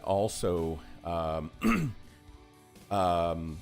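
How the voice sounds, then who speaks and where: A man's voice: measured pace, soft background music. A man hosting a casual livestream chat, rambling and chatty, talking over a video call. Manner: rambling and chatty, animated swings in pitch. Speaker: host of a hobby livestream.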